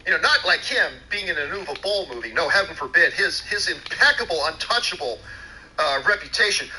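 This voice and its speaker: A man's voice: on the high side, sing-song, fairly quick, pushed and bright, low-quality recording. A man hosting a talk show, delivering an angry, profane and sarcastic rant, mocking as he goes. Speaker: show host. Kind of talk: angry ranting commentary.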